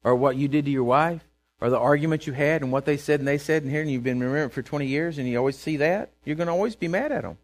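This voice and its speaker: A pastor with a slightly high voice preaches rapid-fire from a church pulpit. His language is plain and folksy, and he animatedly acts out the voices of the people he describes and quotes.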